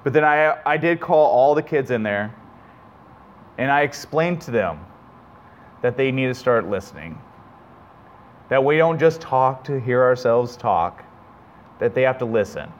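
A man's voice: medium pitch, expressive, a little slow, pauses often, highs cut off, a little hiss or hum. A man preaching a sermon, telling an earnest, self-reflective story from his own family life with many restarts.

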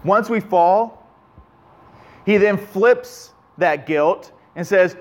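A man's voice: high-pitched, drawn-out words. A man preaching a sermon, telling an earnest, self-reflective story from his own family life with many restarts.

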